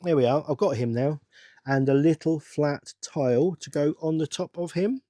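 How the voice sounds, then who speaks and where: A middle-aged man, rambling to himself in a casual build-along chat with bursts of excitement. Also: on the high side, normal speed, dry recording, clean studio sound. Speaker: channel host.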